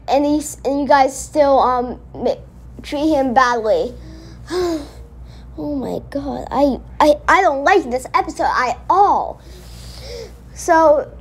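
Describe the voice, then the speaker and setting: Brief: high-pitched woman, reaction host, indignant rambling rants aimed at the screen. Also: darkish tone. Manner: indignant, rambling, talks back at the cartoon. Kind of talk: casual reaction commentary.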